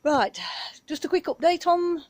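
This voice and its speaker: In her back garden, a British gardening vlogger films herself on a handheld phone and rambles casually in a down-to-earth way. Her voice is very high-pitched and unhurried, with no room sound.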